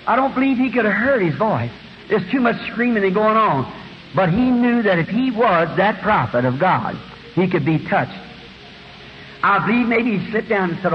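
A man preaching a fervent sermon in a large hall, now and then bursting into shouts. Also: high voice, lively intonation, moderate pace. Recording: dull echoey hall recording with faint hiss.

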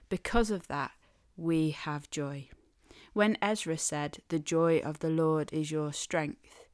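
A woman delivers a devotional teaching at an unhurried pace, her voice smooth and resonant. She speaks in a measured, emphatic way and often turns to the listener with questions. The recording is close and dry. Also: on the low side, no echo. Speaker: Christian speaker.

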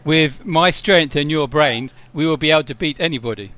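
A man's voice: on the high side, moderate pace, fairly bright tone, lightly acted. A man voicing a boastful male warrior in a tabletop game.

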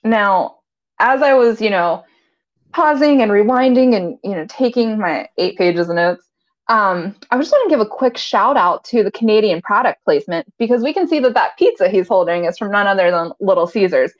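A woman's voice: medium pitch, expressive, moderate pace. A woman co-host giving a chatty recap of a TV episode, giggling often and slipping into voices for the characters. Her voice sits in a middle register. The recording sounds a little dull and lo-fi. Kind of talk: casual recap chat.

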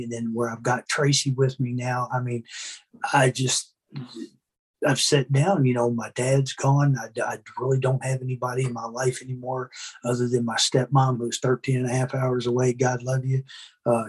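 Male podcast guest, husky voice, candid and emotional storyteller who swears plainly. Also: mid-range voice. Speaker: podcast guest sharing his recovery story. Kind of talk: casual conversational storytelling.

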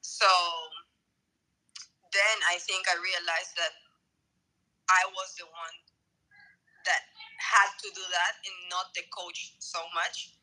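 A woman from Bolivia, a former tennis player, talks about her past as a guest. Her voice is very bright and sharp and comes through a tinny phone line. She tells stories with animation and acts out the lines she once said. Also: on the low side, slow pace, pauses often. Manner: animated storytelling, acting out quotes. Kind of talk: casual interview conversation.

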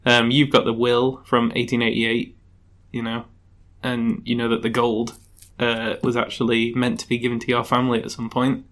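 A man running a tabletop game as game master. His voice sits at an ordinary pitch. He talks in a halting way, full of ums and little laughs. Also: completely flat delivery, a bit bright. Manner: giggly, halting, with many ums.

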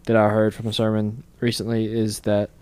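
A man's voice: fairly low pitch, completely flat delivery, fairly quick, a little mellow, clean tone, no room sound. A man co-hosting a casual faith discussion, speaking thoughtfully and working from his notes.

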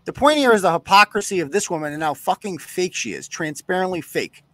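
A man's voice: high voice, expressive, a little fast, fairly bright tone, no echo. A man hosting a live podcast, ranting sarcastically and cursing freely. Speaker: host.

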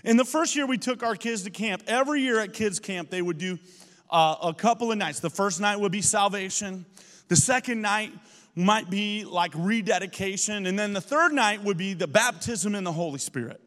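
A man preaching a sermon as pastor, telling stories with animated energy that builds to shouting. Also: sits high, moderate pace, in a large hall. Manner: animated storytelling, rising to shouts.

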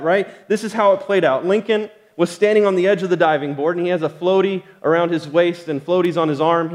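Male pastor, earnest conversational preacher, slightly higher voice, echoing church hall. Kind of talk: sermon. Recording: long hall reverb.

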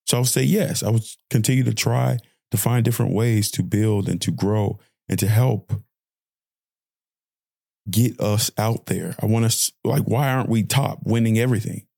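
A man's voice: on the low side, steady tone, normal speed, creaky, dark tone, dry recording, clean studio sound. A young man hosting a podcast, delivering an impassioned audio-diary rant with lots of repeated phrasing. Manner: impassioned ranting, repetitive phrasing. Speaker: podcast host.

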